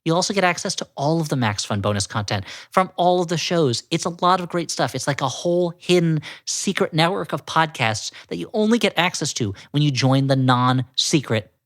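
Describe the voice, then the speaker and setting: Male podcast host, slightly high voice, playful mock-grand pitch delivery. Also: expressive, a little fast, few pauses. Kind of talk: comedic podcast chat and member pitch.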